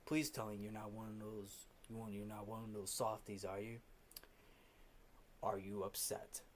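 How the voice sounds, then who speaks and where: A man voicing a harsh, taunting male music instructor who sneers softly and yells. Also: on the low side, flat delivery, moderate pace, a little hiss or hum, pitched below the performer's own voice, close to an everyday voice. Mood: mock-gentle taunting. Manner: mocking, then shouting.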